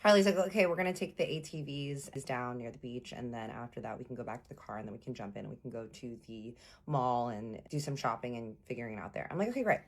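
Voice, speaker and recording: Woman, low pitch, casual storyteller, chatty and animated. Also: fast, a little hiss or hum. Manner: animated, acts out quotes, addresses listeners as y'all.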